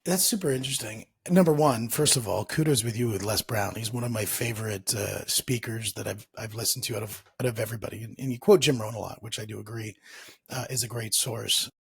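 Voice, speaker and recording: Husky-voiced male podcast host. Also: fairly low pitch, fairly quick, no room sound. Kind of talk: motivational podcast conversation.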